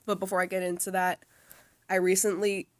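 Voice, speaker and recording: A woman's voice: medium pitch, flat delivery, a little fast. A young woman in college, chatting casually from her dorm bed and rambling with lots of fillers and restarts. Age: young adult. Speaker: vlogger. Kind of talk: casual chat.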